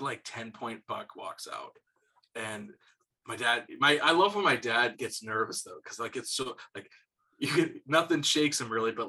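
A young man co-hosting a podcast, casually telling hunting stories, swearing freely and getting animated when he quotes people. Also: medium pitch. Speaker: podcast co-host. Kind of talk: casual storytelling chat.

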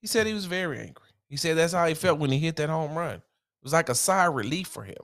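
A man's voice: fairly high pitch, animated, quick pace, fairly bright tone. A man hosting a solo sports podcast, ranting in a heated, emphatic way with casual slang.

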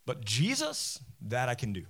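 A man in his forties preaching a sermon as a pastor, animated and conversational, often self-deprecating. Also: mid-range voice, normal speed, vocal fry.

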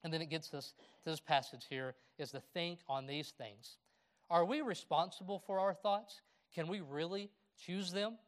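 A man's voice: a little high, normal speed. A middle-aged man preaching a sermon, reading scripture aloud and telling personal stories with a laugh. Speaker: pastor.

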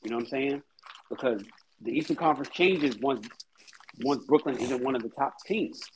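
A man co-hosting a casual sports talk show, animated and repetitive, laughing often. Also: medium pitch, normal speed, background noise. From Haitian-American. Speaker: podcast co-host.

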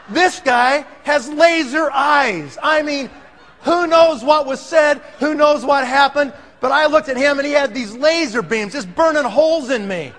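High-voiced man telling a story in a hall. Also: a little hiss or hum. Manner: animated, acts out the scene. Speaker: speaker telling a sales story. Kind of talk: storytelling talk to an audience. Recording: long hall reverb.

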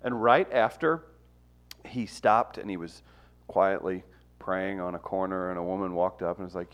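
A man hosting a casual comic chat show, teasing his co-host in an animated way. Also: deep voice, normal speed.

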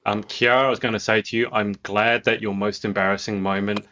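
A man's voice: on the low side, flat delivery, fairly quick, sharp tone, lo-fi sound. An Australian man co-hosting a podcast, chatting casually in a playful, teasing storytelling way. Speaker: podcast co-host. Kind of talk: casual chat.

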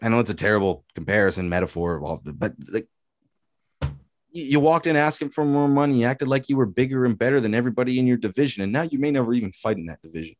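A man's voice: mid-range voice, expressive, quick pace, no echo. A man hosting a casual sports podcast, ranting hotly with swearing and repeated phrases. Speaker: podcast host.

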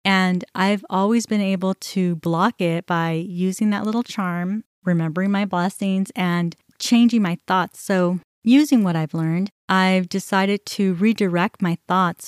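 A woman's voice: fairly low pitch, darkish tone, dry recording, clean studio sound. A middle-aged woman hosting a podcast, telling a personal story in a candid, conversational way with many fillers. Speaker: podcast host.

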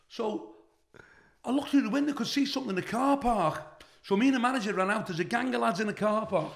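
A man's voice: very high voice, fast talker, vocal fry. A middle-aged man from the UK, a comedian guest telling a profane anecdote and acting out the people in it. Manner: animated, acts out the people in his stories.

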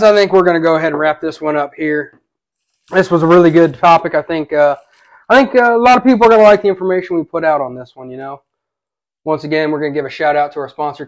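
A man with a somewhat high voice hosting a podcast and wrapping up the episode. He reads the sponsor plug and asks for ratings in a relaxed, informal way, with plenty of fillers. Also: quick pace. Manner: casual, easygoing, filler-heavy. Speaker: podcast host. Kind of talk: podcast sign-off and sponsor read.

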